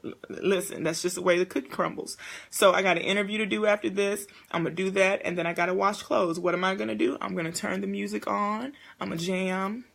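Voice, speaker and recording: A young woman hosting a casual live-stream talk, animated and speaking straight to her viewers. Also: mid-range voice, creaky. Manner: animated, talks to viewers as "y'all" and "honey". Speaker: host.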